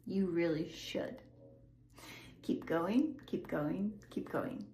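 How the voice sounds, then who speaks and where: Slow, encouraging woman teaching pronunciation. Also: lowish voice, mellow, a little hiss or hum. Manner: careful drilling of word pairs. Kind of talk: slow, clear pronunciation lesson. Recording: echoey room with faint ambience.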